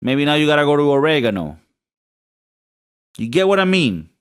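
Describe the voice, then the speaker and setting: A man's voice: a little high, very animated, normal speed, smooth. Rambling, joking man on a podcast. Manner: rambling, joking, with many restarts. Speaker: podcast co-host. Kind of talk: casual podcast chat.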